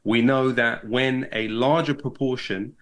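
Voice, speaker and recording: A man speaking as a guest in an interview, giving political analysis in a measured, articulate way with frequent ums and uhs. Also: medium pitch, steady tone, fairly bright tone. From Britain. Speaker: guest, hip-hop artist and podcast host.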